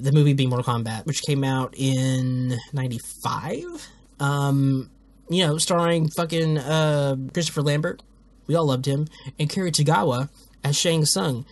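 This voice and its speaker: A man's voice: on the high side, dry recording. A man hosting a casual video commentary who rambles, swears freely and often cuts himself off mid-thought. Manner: rambling, profane, self-interrupting. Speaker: host.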